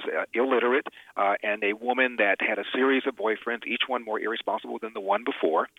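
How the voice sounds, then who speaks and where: A man's voice: on the low side, no echo. A man speaks as a radio interview guest over a phone line that sounds thin and tinny. He tells a long personal story earnestly and emphatically, stumbling and repeating words when it matters. There is no room sound around him.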